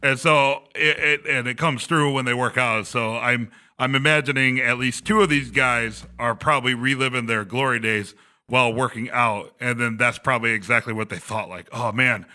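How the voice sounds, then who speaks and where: A man's voice: mid-range voice, steady tone, normal speed, pushed and bright. A man in his thirties, a podcast host telling a rambling story and laughing often, speaking from a glass conference room. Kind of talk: casual chat.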